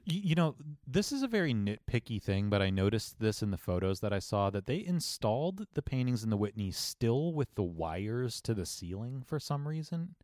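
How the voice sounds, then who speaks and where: A man's voice: mid-range voice, big pitch swings, normal speed, hardly any pauses, darkish tone, dry recording, studio quality. A man co-hosting a casual podcast chat, trading wry remarks. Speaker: podcast co-host.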